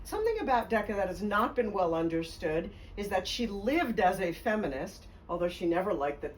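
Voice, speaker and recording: A woman's voice: medium pitch, big pitch swings, fairly quick, far from the mic, slight background noise, poor audio. A woman biographer telling stories in a conversation, speaking fluently and with emphasis. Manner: fluent, emphatic, laughs along. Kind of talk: conversational storytelling interview.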